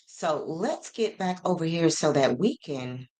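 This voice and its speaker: Low-voiced woman hosting a livestream. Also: lively intonation, darkish tone. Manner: reads messages aloud slowly, greets chat by name. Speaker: livestream host. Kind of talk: casual livestream commentary.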